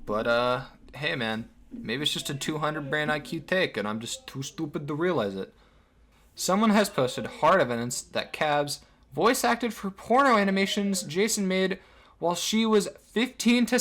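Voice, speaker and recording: A man's voice: on the high side, fairly bright tone. Sarcastic, foul-mouthed male commentator. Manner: sarcastic, crude, lots of swearing. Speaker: online drama commentator. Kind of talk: commentary video.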